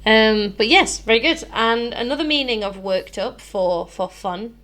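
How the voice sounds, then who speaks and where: A woman's voice: a little high, measured pace, fairly bright tone. British lady teacher, chatty, explains stuff, laughs a lot, podcast chat. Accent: British English. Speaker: English teacher and podcast co-host.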